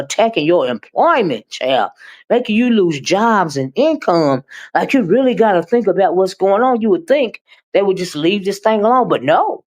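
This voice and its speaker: Chatty woman hosting a livestream. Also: deep voice. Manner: chatty, peppered with "child" and "honey"; animated, sometimes rushes. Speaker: live-stream commentary host. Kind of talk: casual live-stream commentary.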